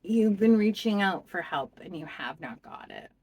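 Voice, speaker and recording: A woman doing a pick-a-card tarot reading, speaking to the viewer in a slow, heartfelt and expressive way. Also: fairly low pitch, slightly rough, lo-fi sound. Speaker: tarot reader.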